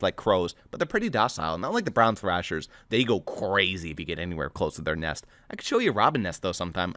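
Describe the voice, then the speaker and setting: A man reading his own novel aloud in the first person, animated and excitable as he rambles on. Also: fairly low pitch, dry recording. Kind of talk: first-person story narration.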